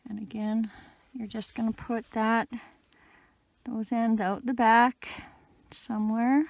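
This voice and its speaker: A woman giving a casual, patient step-by-step crochet tutorial, talking gently with the odd "um". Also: a little high, little pitch movement, slow pace, gravelly, no echo. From Canada. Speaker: crochet instructor.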